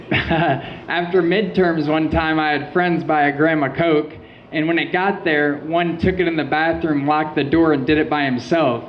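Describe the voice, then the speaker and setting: Young guy doing standup, kinda high voice, deadpan stories, muffled lo-fi live recording. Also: measured pace, a little hiss or hum. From Michigan. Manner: deadpan storytelling with quoted asides. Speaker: stand-up comedian. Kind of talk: stand-up set. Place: small venue with a live audience.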